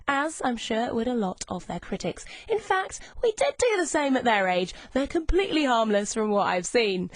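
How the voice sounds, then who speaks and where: A woman's voice: high-pitched, dry recording. Bubbly young woman radio presenter. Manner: bubbly, chatty, enthusiastic. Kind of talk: lunchtime radio chat show. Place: radio studio. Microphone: studio microphone.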